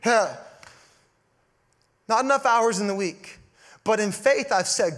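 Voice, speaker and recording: Male pastor, high voice, sermon delivery, punchy emphasis with soft drops. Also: animated, slow pace. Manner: emphatic preaching, swelling and dropping to a hush.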